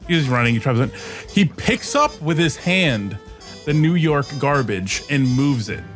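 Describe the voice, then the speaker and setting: A man's voice: medium pitch, very animated, measured pace, a bit bright, faint music behind. A man hosting a podcast, telling a rambling story in a casual way, often restarting his sentences and laughing as he goes. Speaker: podcast host.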